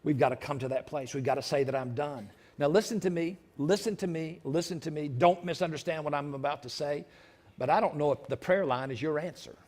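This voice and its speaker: Male pastor, fairly high voice, preaches in repeats and sudden shouts. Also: brisk. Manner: repetitive, emphatic delivery. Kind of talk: sermon. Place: church sanctuary.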